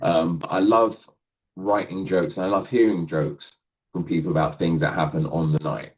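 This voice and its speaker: A man's voice: sits low, steady tone, normal speed, lo-fi sound. A male comedian talking casually in a podcast interview, rambling and self-deprecating, laughing often. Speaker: guest comedian.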